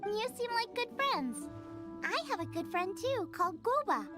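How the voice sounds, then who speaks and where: Xiangling, bubbly young chef. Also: female voice, very high voice, sing-song, normal speed. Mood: cheerful. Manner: bubbly, eager, chatty. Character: young female chef, cheerful and adventurous. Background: game music.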